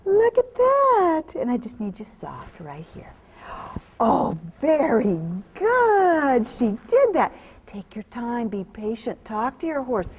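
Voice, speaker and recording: A woman horse trainer giving a hands-on demonstration, mixing soft repeated praise and hushed soothing with firm commands and calm explanations to viewers. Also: a little high, slow pace, slightly rough, lo-fi sound. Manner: drops into hushed near-whispers when soothing.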